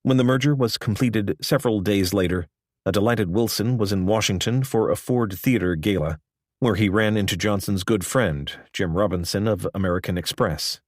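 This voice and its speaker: Low-voiced male audiobook narrator. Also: normal speed, no room sound, clean studio sound.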